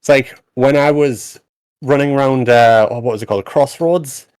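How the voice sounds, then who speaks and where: A man's voice: medium pitch, moderate pace, darkish tone, clean tone, dry recording. A man who works as a voice actor, chatting casually and rambling with restarts on a development stream. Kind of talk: casual chat on a dev stream.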